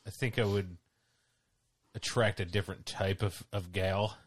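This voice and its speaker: A young man co-hosting a podcast in casual chat, animated and joking. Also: low voice, measured pace, crowd noise. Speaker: podcast co-host.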